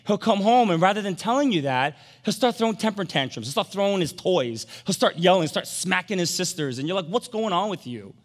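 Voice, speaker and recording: A middle-aged man preaching a sermon as pastor, animated, swinging from emphatic peaks down to soft, quiet storytelling. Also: high-pitched, fairly quick, hardly any pauses. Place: large church sanctuary. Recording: long hall reverb from a church sanctuary.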